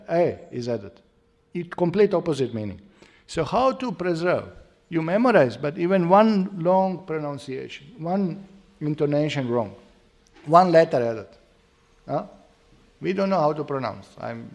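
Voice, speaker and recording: A man's voice: medium pitch, creaky, darkish tone. A middle-aged man giving a devotional class lecture in non-native English, explaining with recitations and counting drills.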